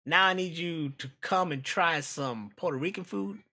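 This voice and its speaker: A man hosting a live stream, chatting casually with viewers in a joking, profane, animated way. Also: on the high side, moderate pace. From United States.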